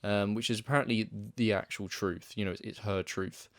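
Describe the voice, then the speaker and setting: A young man talks through a film review in a relaxed, meandering way. He keeps restarting his sentences and filling gaps. His voice sits a bit low and sounds dry and close, with no room around it. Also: fairly quick, no echo. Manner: rambling, hesitant, many restarts and fillers. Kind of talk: casual spoken film review.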